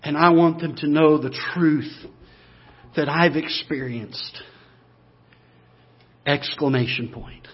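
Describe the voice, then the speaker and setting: A pastor preaching a sermon, moving from quiet, low talk up to loud, emphatic, repeated declarations. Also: male voice, slow, pauses often, husky, lo-fi sound.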